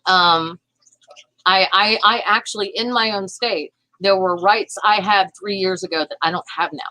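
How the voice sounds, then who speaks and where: A woman's voice: medium pitch, steady tone, moderate pace, bright, forceful tone, no echo, rough recording. A woman, giving impassioned political commentary in a vlog, indignant and often restarting her sentences. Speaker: vlogger.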